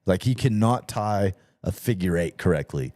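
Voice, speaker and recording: Podcast host guy, low mellow voice, swears a lot, acts out stories. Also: normal speed, no room sound. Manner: swearing, animated storyteller acting out both sides of the talk. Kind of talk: casual chat.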